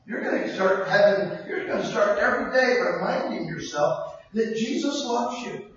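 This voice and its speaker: An older man preaching a sermon in a conversational way that breaks into sudden shouts, recorded from a distance in a church hall. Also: sits high, expressive, normal speed. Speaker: pastor. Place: church sanctuary. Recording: distant echoey hall, dull sound.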